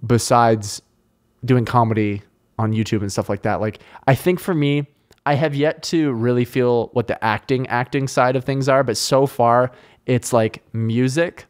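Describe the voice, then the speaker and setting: Excitable Canadian podcast host. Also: male voice, mid-range voice. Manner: rambling, excitable, heavy swearing. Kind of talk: casual chat.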